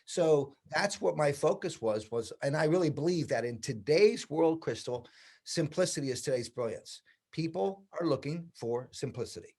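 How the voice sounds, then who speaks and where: A man's voice: on the high side, normal speed, breathy edge. A man in his sixties from the United States, a veteran hairstylist and educator, telling stories in a casual interview and acting out past conversations. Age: 60s. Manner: lively storyteller who acts out past conversations.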